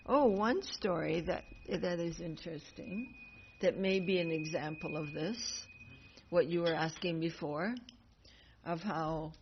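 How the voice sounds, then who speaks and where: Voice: mid-range voice, measured pace. A speaker teaches a devotional class, rambling through a story with frequent laughs and self-corrections. The recording is dull and lo-fi, with a faint hiss behind it.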